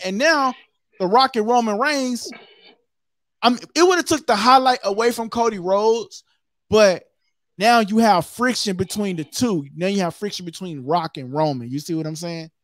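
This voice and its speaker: A co-host in a casual wrestling chat, telling things in an animated way and acting them out with sound effects. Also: medium pitch, dry recording, studio quality. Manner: animated, acts out what happened with sound effects.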